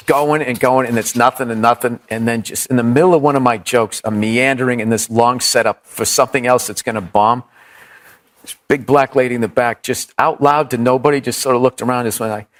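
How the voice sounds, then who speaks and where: A man's voice: mid-range voice, a bit bright, a little hiss or hum. A man, a stand-up comedian, telling stories in a casual, rambling, profane way. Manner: profane, rambling storyteller with quoted voices. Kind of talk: casual storytelling on a podcast.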